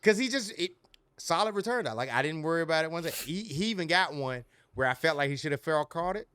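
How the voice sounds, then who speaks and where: A man's voice: a little high, lively intonation, fast, a bit bright, smooth, no room sound. A man co-hosting a sports podcast, talking loosely and animatedly with slang and frequent laughs. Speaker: podcast co-host. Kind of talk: casual sports podcast chat.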